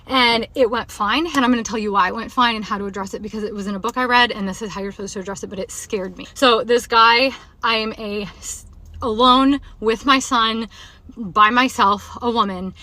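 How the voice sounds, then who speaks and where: A woman's voice: fairly high pitch, fairly even intonation, a little fast, sharp tone, no echo. A woman telling a personal story to the camera, emphatic and insistent, rambling at times. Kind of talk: talking to camera.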